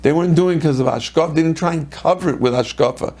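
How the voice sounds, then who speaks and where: Rabbi guy teaching, raspy fry in his voice, jumps way up when he acts out what people say. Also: fast. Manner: animated, acts out quoted voices with sudden pitch jumps. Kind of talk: Torah lecture.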